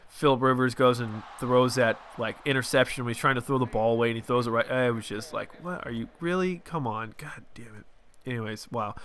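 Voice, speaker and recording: A man's voice: medium pitch, sharp tone, smooth. A young man hosting a football video game channel, chatting loosely and venting about his team as he plays. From Southern California. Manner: rambling, chatty, quick to vent. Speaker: gaming channel host. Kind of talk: casual game commentary.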